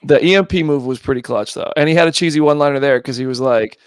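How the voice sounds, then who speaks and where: A man's voice: medium pitch, fast, clear, resonant tone, dry recording, studio quality. A man guesting on a podcast, chatting casually and playfully, slipping into goofy voices. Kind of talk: casual chat.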